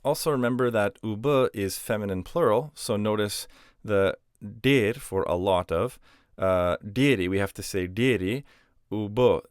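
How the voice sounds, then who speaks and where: A man's voice: on the low side, smooth, no echo, studio quality. A man teaching a grammar lesson, explaining patiently step by step with spoken examples. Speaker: language teacher.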